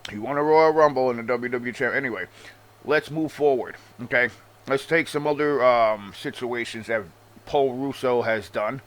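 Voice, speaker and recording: This is a casual rant from a man playing a wrestling show host. His voice sits in the middle range and moves at a moderate pace, loaded with sarcasm and profanity, and he keeps addressing the listener as "bro."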